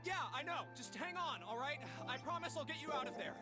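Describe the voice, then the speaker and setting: A man's voice: very high voice, animated, a little fast, over music. An actor playing a protective young man in a game, urgent and earnest. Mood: reassuring. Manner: urgent, shouting.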